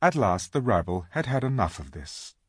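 A man narrating a children's storybook aloud, slow and dramatic in his reading. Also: on the low side, sing-song, slightly rough, no echo, studio quality. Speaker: audiobook reader.

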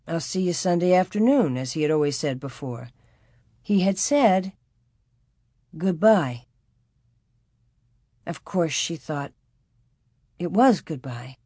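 A woman narrating a storybook in a calm, measured and expressive way. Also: lowish voice, dry recording, clean studio sound. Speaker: audiobook narrator.

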